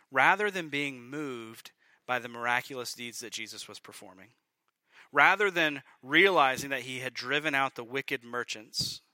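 A male pastor preaching a sermon, emphatic, building to loud peaks and dropping to quiet lines. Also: on the high side, no echo.

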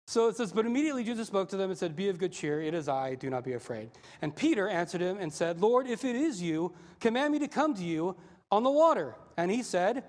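A male pastor preaching a sermon, animated and acting out the voices in the story. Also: high-pitched, fairly quick. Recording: long hall reverb.

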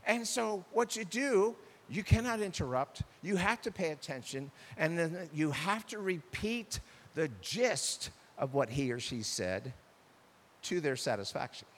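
A man's voice: fairly high pitch, measured pace, long reverb tail. A man preaching a sermon about marriage, acting out arguments between spouses. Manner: animated, acts out quoted spouses. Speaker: pastor.

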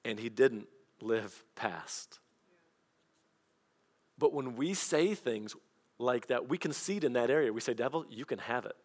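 A man preaching a sermon as pastor, telling personal stories in a lively conversational way. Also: mid-range voice, moderate pace. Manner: storytelling, animated and conversational.

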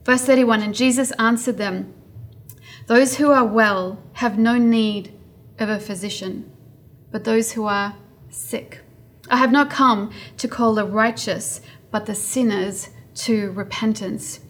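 A woman's voice: fairly high pitch, steady tone, slow. A woman preaching a sermon in an earnest way, building her points through repetition.

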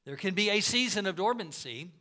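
Bright, high-voiced preaching man. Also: animated, brisk. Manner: earnest preaching, swings between loud emphasis and soft asides. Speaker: pastor. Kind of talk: sermon.

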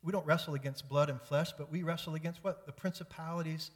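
A man's voice: fairly high pitch, fairly even intonation, quick pace. A man pastor preaching an earnest, emphatic sermon with repetitive build-ups. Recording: long church reverb.

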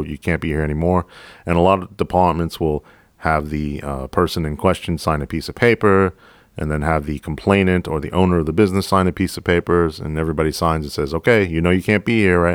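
A man, a police officer hosting a podcast, telling a work story in a calm, casual, profane, deadpan way. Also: extremely low pitch, no room sound, studio quality.

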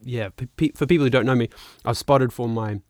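Animated New Zealand man, 30s, casual storyteller with a mid-range voice, dry close mic. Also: medium pitch, fast talker, no room sound. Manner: animated, swears freely, laughs often. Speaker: guest musician and actor.

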